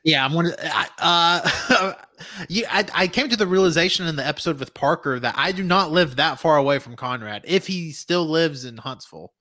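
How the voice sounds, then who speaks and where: A young man from Alabama with a Southern US accent, hosting a casual podcast chat, animated and swearing freely. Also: a little high, normal speed. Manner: animated, swearing, laughing often. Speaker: podcast host.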